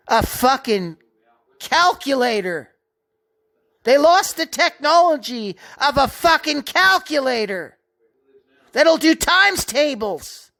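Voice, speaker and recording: Brief: a seething man delivering a slow, profane commentary rant. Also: extremely high pitch, fairly bright tone. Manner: profane, contemptuous, slow and emphatic. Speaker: video narrator. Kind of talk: angry ranting commentary.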